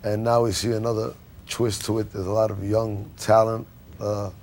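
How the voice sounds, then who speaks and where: A man with a low, flat voice answers interview questions as a guest on a talk show, stopping often to search for words. A faint hiss runs underneath. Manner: halting, many uh fillers. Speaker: guest, record company president.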